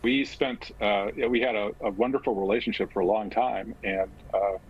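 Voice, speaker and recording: An older man and physician, recounting a personal story slowly and with measured pauses. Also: lowish voice, steady tone, slightly rough, dull audio. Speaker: guest, physician and author.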